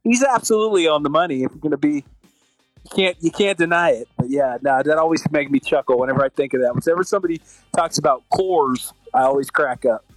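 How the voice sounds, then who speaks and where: A man's voice: fairly high pitch, quick pace, no room sound, faint music behind, low-quality recording. A man co-hosting a podcast, chatting casually and laughing often in easygoing banter. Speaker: podcast co-host.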